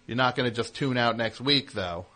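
A man's voice: mid-range voice, moderate pace, bright, forceful tone. Teasing, rambling male radio host. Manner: teasing, riffing in long rambling runs. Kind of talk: call-in comedy banter.

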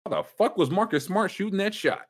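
A man hosting a casual sports talk show, ranting emphatically with sudden jumps up in pitch. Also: expressive, a little fast, husky. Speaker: sports podcast host.

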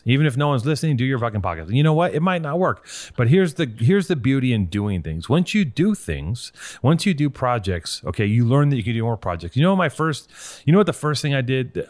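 A man hosting a call-in show, giving blunt, profane motivational talk and telling stories with animated energy. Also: medium pitch, dry recording.

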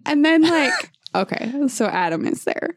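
A young woman co-hosting a podcast, chatting and reading a book aloud, giggly and expressive, swearing freely. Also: high-pitched, measured pace, no echo, studio quality. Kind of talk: casual chat and dramatic reading.

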